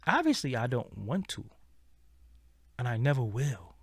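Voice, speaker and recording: A man's voice: mid-range voice, a little slow, husky, no echo, studio quality. A man hosting his own show, talking blunt and profane in a casual commentary monologue. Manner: blunt, profane, animated storytelling. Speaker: show host.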